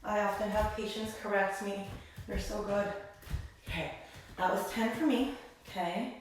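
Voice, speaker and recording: A woman's voice: medium pitch, steady tone, moderate pace, slight background noise. A woman leading a live-streamed pelvic health workout, counting reps and cueing moves while slightly out of breath. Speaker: pelvic health exercise instructor. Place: indoor room. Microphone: phone camera across the room. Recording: echoey room, voice far from the mic.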